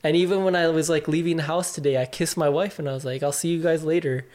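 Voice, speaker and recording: A man's voice: fairly high pitch, steady tone, fast, darkish tone. A young man talking openly as a podcast guest, reflective and casual, with lots of filler words and some swearing. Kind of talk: candid conversation.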